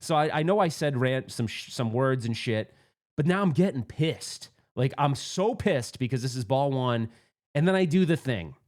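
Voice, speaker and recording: Excitable man telling a pinball story. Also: mid-range voice, normal speed. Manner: excitable, rambling, restarts often, rising to agitated outbursts. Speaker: pinball vlogger. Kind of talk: casual storytelling monologue.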